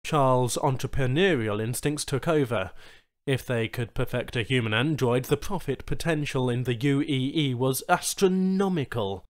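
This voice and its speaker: This is scripted audiobook narration of a science fiction short story, read by a man at normal speed. His pitch sits in the middle, and he tells the tale expressively.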